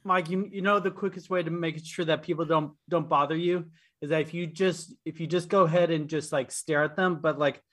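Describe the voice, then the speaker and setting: A man co-hosting a podcast in casual chat, halting and repeating words as he starts his sentences. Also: a little high, fairly even intonation, fairly bright tone. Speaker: podcast co-host.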